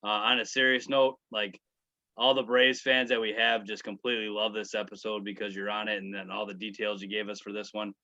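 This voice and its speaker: A man's voice: fairly low pitch, level tone, a little fast, bright, forceful tone, dry recording. A man co-hosting a podcast, chatting casually and easygoing as he wraps up the show. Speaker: podcast co-host. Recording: dull, dry lo-fi mic.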